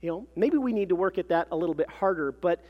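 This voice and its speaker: Male pastor, sermon delivery, earnest and reflective, fairly high voice, long hall reverb. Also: animated, fast, muffled recording.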